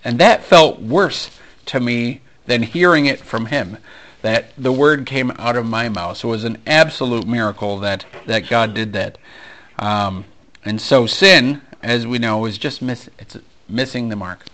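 A male pastor preaching a sermon, animated and storytelling, acting out conversations with frequent ums and restarts. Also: medium pitch, measured pace. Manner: animated storyteller, acts out dialogue, many fillers. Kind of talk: sermon with personal stories.

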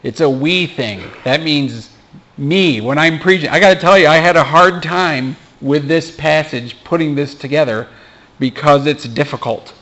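A pastor giving an informal sermon in a small church, mixing scripture with joking asides. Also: male voice, on the high side, measured pace, a bit bright. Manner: conversational preaching with joking asides.

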